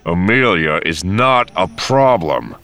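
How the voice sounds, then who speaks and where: A man voicing a loud, exasperated, hot-tempered smuggler in an audiobook. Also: mid-range voice, very animated, moderate pace, voice pushed up. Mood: angry. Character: hot-tempered male space smuggler, adult.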